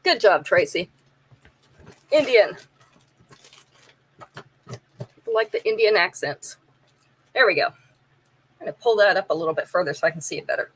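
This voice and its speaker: A woman's voice: on the low side, animated, normal speed, pauses often, husky, poor audio. A woman hosting a live jewelry sale, chatting casually, describing pieces in detail and running a trivia game with viewers.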